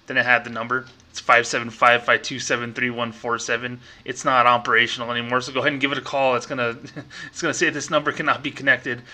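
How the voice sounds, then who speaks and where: A man's voice: mid-range voice, pushed and bright. A young man hosting a podcast, frankly ranting and telling stories about his old bank job. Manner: frank, ranting, storytelling with acted quotes. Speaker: podcast host, former bank employee. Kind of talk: casual monologue podcast.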